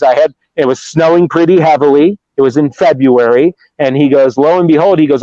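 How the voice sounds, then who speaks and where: A middle-aged man from Ohio tells a long story casually, circling back and acting out quotes as he goes. His voice sits a little high for a man. The sound is dull and lo-fi, with no room echo at all. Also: darkish tone. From Ohio, USA. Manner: rambling, with restarts and acted-out quotes. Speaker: Bigfoot researcher guest. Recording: dull lo-fi dry remote audio.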